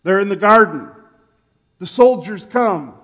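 A male pastor preaches a sermon in a church sanctuary, telling the story animatedly and acting out the quotes. His voice is high-pitched and a little slow, and it sounds like a large hall.

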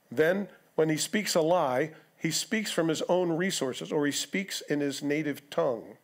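In a church sanctuary, a man with a fairly high voice delivers an expository sermon at a measured pace. His pastoral style is conversational, sprinkled with rhetorical questions and side remarks to the people listening.

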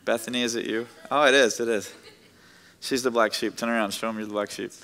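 Before his congregation in a church sanctuary, a male pastor preaches a quick, conversational sermon, slipping in joking asides with a bright, forceful delivery. His mid-range voice has fairly even intonation, and the sound carries a long church-hall reverb.

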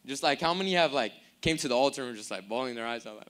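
A man's voice: mid-range voice, lively intonation, fast, hardly any pauses, a bit bright. A young man preaching a sermon in a casual, rambling way, full of fillers. He asks the crowd to call words back to him.

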